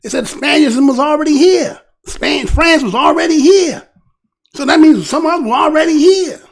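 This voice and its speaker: Gravelly high-voiced man ranting. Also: moderate pace. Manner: heated, repetitive rhetorical questions. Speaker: commentary show host. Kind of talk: casual political commentary.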